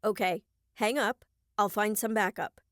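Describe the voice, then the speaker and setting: A woman's voice: medium pitch, steady tone, a little slow, fairly bright tone, no room sound, studio quality, close to an everyday voice. A woman voicing an amused adult man speaking on the phone in an audiobook. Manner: wry, amused.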